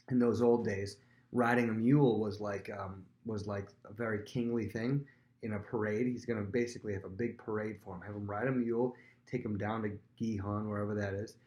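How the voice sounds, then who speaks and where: A man with a fairly low voice walks his students through a Bible story in a relaxed, chatty way. He pauses with plenty of ums and slips into short acted-out voices for the people in the story. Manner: chatty, many fillers, acts out quotes in voices. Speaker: teacher. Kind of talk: casual Bible lesson retelling.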